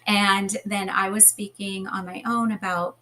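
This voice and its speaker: A woman's voice: mid-range voice, little pitch movement, measured pace, bright, forceful tone, poor audio. Fluent, explanatory female guest. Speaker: guest hypnotherapist. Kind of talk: interview answers.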